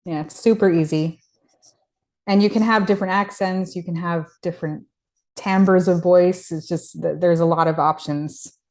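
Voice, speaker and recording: A woman speaks as an interview guest in a casual, conversational way. Her voice is a little low, and she uses fillers and repeats herself often. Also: fairly even intonation, normal speed, a little mellow. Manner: conversational, many fillers and restarts.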